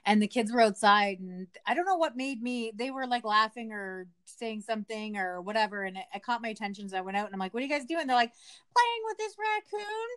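A woman's voice: mid-range voice, fast talker, hardly any pauses, fairly bright tone, clean tone, no room sound. A woman co-hosting a podcast, telling stories frankly and casually, with some swearing. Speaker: podcast co-host. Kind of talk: casual chat.

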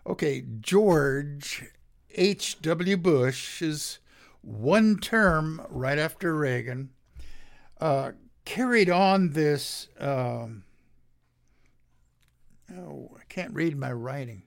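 A man hosting a show, reading political commentary from his notes in a slow, sardonic way with many pauses, his throat drying out. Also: fairly high pitch, expressive, creaky. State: dry throat. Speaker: podcast host.

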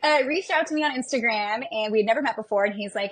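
Husky-voiced candid woman guest. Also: fairly high pitch, fast talker. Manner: candid, self-mocking, animated storytelling. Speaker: podcast guest, MMA fighter and bodybuilder. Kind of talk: casual interview chat.

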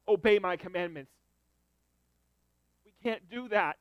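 Male preacher, fairly high voice, emphatic sermon delivery, dry close recording. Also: normal speed, dry recording, poor audio. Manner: emphatic, swings between loud build-ups and quiet asides.

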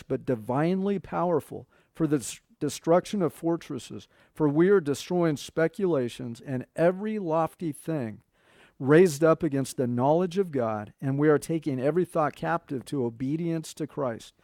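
A man's voice: fairly high pitch, a little mellow, no echo, clean studio sound. A middle-aged man preaching a sermon in a conversational way, quoting scripture and talking to his congregation. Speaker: pastor.

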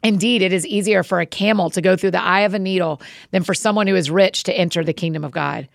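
Jesus, calm male teacher, read by a woman: measured, solemn, low with some fry. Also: no echo, clean studio sound. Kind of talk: scripture reading.

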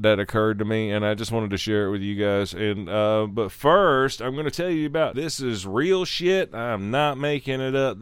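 A man's voice: mid-range voice, clear, resonant tone, no echo. A middle-aged man hosting his own podcast, rambling casually with plenty of swearing and self-deprecating asides. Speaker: podcast host. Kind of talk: casual solo podcast monologue. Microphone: studio microphone.

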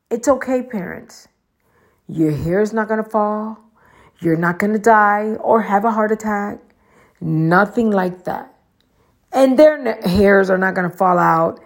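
A woman's voice: medium pitch, gravelly. A middle-aged woman giving casual advice to her viewers, chatty and preachy, and she talks straight to them. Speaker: vlogger.

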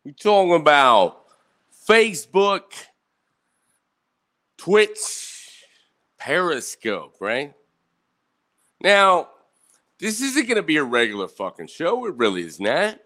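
A man's voice: on the high side, huge pitch swings, takes it slowly, pauses often, bright, forceful tone. Swearing man ranting on a livestream. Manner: swears constantly, asks "right?" after each point. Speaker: host of a live online show. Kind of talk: angry profane livestream rant. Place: indoor room with bright light and a fan.

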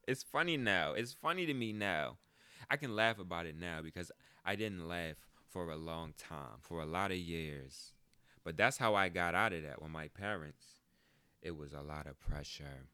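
A man's voice: deep voice, moderate pace, bright, forceful tone, clear, resonant tone, no room sound. A man hosting a podcast, telling a story in a casual, joking monologue and swearing freely. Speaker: podcast host.

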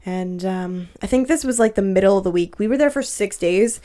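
A young woman in her twenties tells a story in casual podcast chat, using a mid-range voice at a fairly quick pace. She is an animated storyteller who swears a lot and laughs often.

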